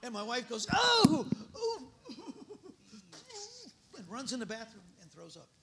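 A middle-aged man preaching, telling animated stories and acting out the voices, often trailing off mid-sentence. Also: sits high, fast talker, gravelly, heavy background noise. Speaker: pastor. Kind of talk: sermon with storytelling and prayer.

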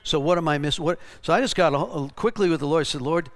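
A man preaching a storytelling sermon in an animated way, restarting and repeating words and rising to shouted bursts. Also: a little high, fast talker. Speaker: pastor.

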